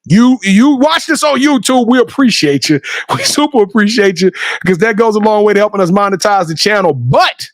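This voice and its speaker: A man with a Southern American accent co-hosting a sports talk show, effusive and hyped, shouting catchphrases. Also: high voice, expressive, a little fast, dry recording. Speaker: podcast co-host. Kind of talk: enthusiastic show wrap-up and outro.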